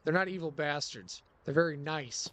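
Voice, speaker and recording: A man streaming a driving game live, rambling in casual commentary, sarcastic and quick to swear. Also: fairly high pitch, fairly bright tone, slight background noise, rough recording.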